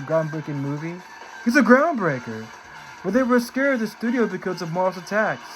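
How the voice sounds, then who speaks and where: A man's voice: a little high, a bit bright, lightly acted, rough recording. A man doing an offbeat, drawling impression of a famous male movie actor while reading the actor's quotes. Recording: clear background music.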